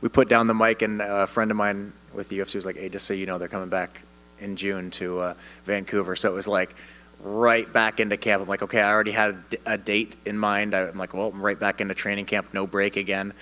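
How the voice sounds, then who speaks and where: A man from Canada, a fighter at a media day, answering reporters' questions with confidence and animated storytelling, often restarting his sentences. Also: lowish voice, fast talker, rough recording. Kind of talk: press interview answers. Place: media day press room.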